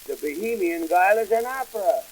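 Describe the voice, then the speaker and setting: A man doing Cohen, a husky wisecracker. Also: high-pitched, moderate pace, low-quality recording. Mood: bickering. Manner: punchline-driven deadpan patter. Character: wisecracking male immigrant comic businessman. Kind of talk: 1920s vaudeville comedy record.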